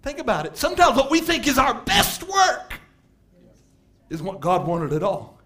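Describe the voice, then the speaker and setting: A man with a very high voice preaches a fervent sermon. He drops to hushed asides, then rises to shouted emphasis, and he hammers points home by repeating phrases. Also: big pitch swings, moderate pace. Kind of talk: impassioned sermon.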